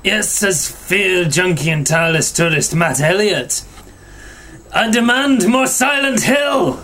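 A man's voice: sits high, lively intonation, takes it slowly, bright, forceful tone, pitched above the performer's own voice, heavily acted. A man reading magazine text aloud in a put-on Scottish accent, hammy and drawn out.

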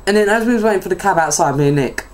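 A man's voice: animated, rapid-fire. A young man, telling stories as a podcast co-host, talking while eating. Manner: storytelling, acts out quoted people in high voices. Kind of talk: casual chat.

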